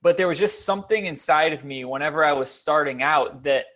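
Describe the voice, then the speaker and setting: A man's voice: on the high side, fairly quick, a bit bright. A man being interviewed as a guest on a podcast, a motivational speaker who talks earnestly and repeats words for emphasis.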